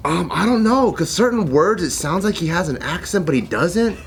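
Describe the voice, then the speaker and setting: Animated, rambling man on a podcast. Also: sits high, moderate pace, a little hiss or hum. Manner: hesitant, rambling, restarts. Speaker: podcast co-host. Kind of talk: casual chat.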